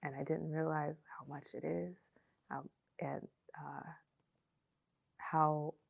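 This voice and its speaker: A young woman telling her personal faith testimony, emotional and halting, often repeating herself and trailing off. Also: deep voice, level tone, vocal fry, breathy edge, muffled recording. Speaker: testimony speaker.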